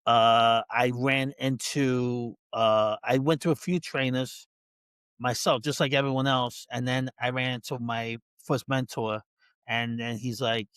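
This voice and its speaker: A man's voice: mid-range voice, a bit bright, no room sound. New York man, dry close sound. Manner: laughing, rambling, self-interrupting. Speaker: dog trainer, guest. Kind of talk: casual interview chat.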